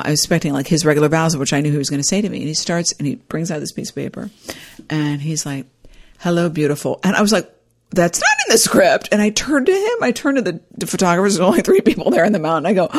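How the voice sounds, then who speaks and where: A woman with a lowish voice tells a personal story in a casual, rambling way. Her pitch swings widely, and she often restarts her sentences. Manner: animated, acts out quoted dialogue.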